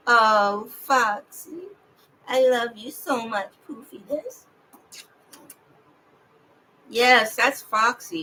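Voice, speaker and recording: A woman talks at home in a slow, drawn-out livestream monologue that drifts from one thought to the next. Her voice is bright and forward, and the pitch sits in a middle range. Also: rough recording. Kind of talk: rambling personal livestream monologue.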